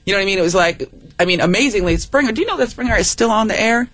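A woman comedian from San Francisco, a guest on a radio interview, telling stories in a rapid, animated, joking way. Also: mid-range voice, no echo. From San Francisco, USA. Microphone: studio microphone.

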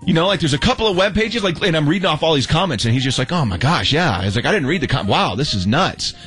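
A young adult man telling a story in casual chat, animated and acting out the quotes, with many restarts. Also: a little high, fast talker, soft background music. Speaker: storyteller guest.

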